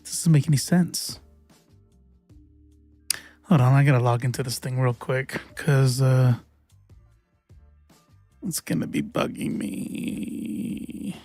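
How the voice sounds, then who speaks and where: A man's voice: medium pitch, slow pace, pauses often, darkish tone, dry recording, soft background music. A young adult man hosting a casual livestream, chatty and laughing as he fumbles with his stream settings and swears now and then. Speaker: livestream host.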